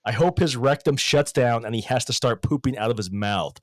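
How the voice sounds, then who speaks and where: A man's voice: mid-range voice, a little fast, no echo. A man co-hosting a podcast, chatting playfully and reading a rude listener letter aloud. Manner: playful, wisecracking. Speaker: podcast co-host. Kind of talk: casual chat, reading listener mail aloud.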